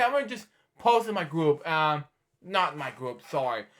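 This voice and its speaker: A man's voice: a little high, lively intonation, moderate pace, sharp tone. A man in his twenties, hosting a reaction video, rambling in casual commentary and muttering to himself while he searches. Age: 20s.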